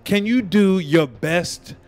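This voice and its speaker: A man's voice: high-pitched, slow. A man hosting a man-on-the-street interview, joking and teasing the people he stops outdoors.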